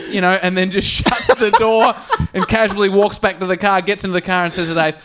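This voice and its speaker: A man's voice: high-pitched, normal speed, slight background noise. A man telling a funny story on a comedy podcast, swearing freely and acting out the people in it. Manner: animated, swears a lot, acts out characters with raised voice.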